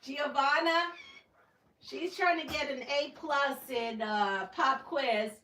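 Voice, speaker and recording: Woman host, fairly high voice, easygoing chatty quilter, unhurried delivery. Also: sharp tone, a little hiss or hum. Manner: chatty, laughs often, talks to viewers. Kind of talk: casual live-stream chat while sewing. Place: home quilting room.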